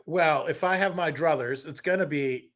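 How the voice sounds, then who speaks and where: A middle-aged man, a comedian guest, telling a story in casual chat, animated, with many restarts and quoted asides. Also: on the high side, normal speed.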